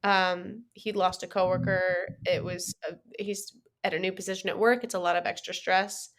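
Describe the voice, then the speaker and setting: A woman's voice: lowish voice, fairly even intonation, normal speed. A woman who is a therapist, co-hosting a podcast in casual chat, often affirming with short murmurs. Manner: warm listener, lots of affirming murmurs.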